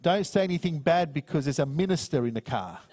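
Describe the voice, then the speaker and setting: A man's voice: a little high, animated, fairly quick, a little mellow. A man quoting an elderly homeless woman in his story, blunt and wary.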